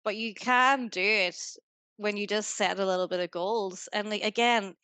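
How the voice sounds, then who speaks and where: A woman's voice: medium pitch, fairly even intonation, sharp tone, smooth, dry recording. A Northern Irish woman guesting on a podcast, talking in an upbeat, motivational way with lots of "like"s. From Northern Ireland. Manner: upbeat, motivational, fast rambling with many "like"s. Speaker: guest, business founder. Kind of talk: casual podcast interview.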